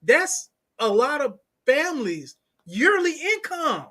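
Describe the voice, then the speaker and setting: Male interview guest: high, bright, slangy, animated storyteller. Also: slow. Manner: animated, slangy, acts out quoted voices. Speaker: crypto strategist guest. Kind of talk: casual interview chat.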